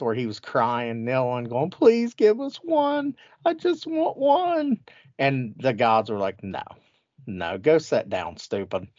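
A man trashes a team with crude, gleeful mockery, his voice sitting at a middle pitch. The sound is dry and a little dull, with no room around it. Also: no echo. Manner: mocking, crude, animated storytelling. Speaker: podcast host. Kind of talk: profane sports banter.

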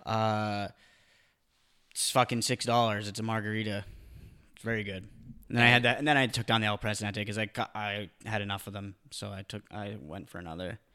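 A young man with a lowish voice chats casually as a podcast co-host. His tone is smooth and resonant, and his jokes come out dry and deadpan. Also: a little fast. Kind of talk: casual chat.

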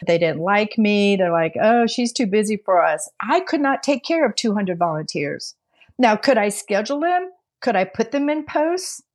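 An animated woman co-hosting a casual podcast conversation. She tells her story with energy, acts out the people she quotes, and laughs between her words. Her voice sits at an ordinary middle pitch for a woman. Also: moderate pace. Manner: laughs often mid-sentence. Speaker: podcast co-host.

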